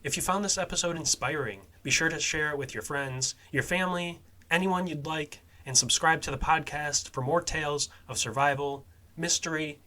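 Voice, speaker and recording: A man hosting a true-crime and survival podcast, talking casually with swearing and fillers, his voice dropping quietly at phrase ends. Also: on the high side. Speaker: podcast host.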